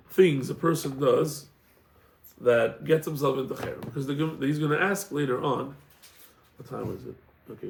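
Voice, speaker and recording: A man, a rabbi, giving a casual class and telling stories, acting out the people in them with animated voices. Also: a little high, vocal fry. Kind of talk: casual Torah class with storytelling. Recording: echoey room.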